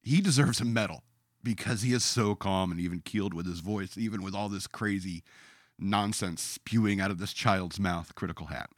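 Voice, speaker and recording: A man's voice: low-pitched, moderate pace, dry recording, studio quality. A man ranting in a sarcastic, emphatic way as a podcast host, now and then reading out his own comments in a mocking voice.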